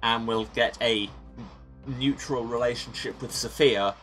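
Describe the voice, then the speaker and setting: A man's voice: mid-range voice, fairly even intonation, unhurried, a bit bright, soft background music. A man hosting a let's play, reading story text aloud and musing on his choices with wry humor. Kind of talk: reading game text and commenting.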